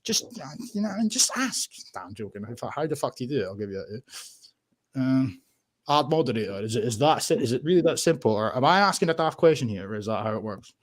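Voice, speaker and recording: A man's voice: mid-range voice, very animated, quick pace. A Scottish man hosting a casual livestream, rambling and swearing, laughing often as he clicks through tabs. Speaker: livestream host.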